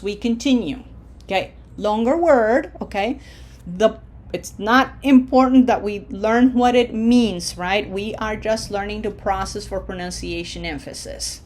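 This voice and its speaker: A woman teaching a recorded online language lesson, patiently walking through rules step by step and slowing down to model words. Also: medium pitch, darkish tone. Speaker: Spanish teacher.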